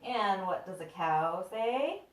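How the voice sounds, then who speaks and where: A woman's voice: mid-range voice, animated, takes it slowly. Playful woman guiding kids through yoga. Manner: playful and encouraging. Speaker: kids' yoga teacher. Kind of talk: guided yoga lesson for children. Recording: echoey room, mic at a distance.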